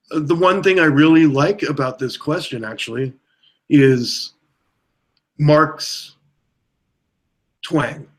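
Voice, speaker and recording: A man answering questions at a mock press conference, deadpan and halting with many fillers. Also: medium pitch. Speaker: provost of a mock college.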